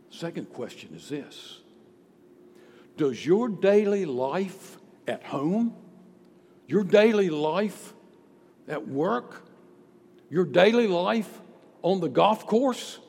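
Male pastor, fairly high husky voice, lively emphatic sermon delivery, long hall reverb. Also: slow, long pauses. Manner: emphatic preaching with rhetorical questions.

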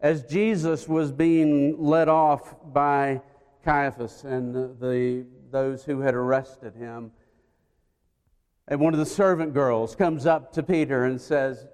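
A man preaching a sermon, retelling a story and acting out the voices, swinging between loud and hushed. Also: mid-range voice, fairly even intonation, a little slow, clean tone. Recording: long hall reverb.

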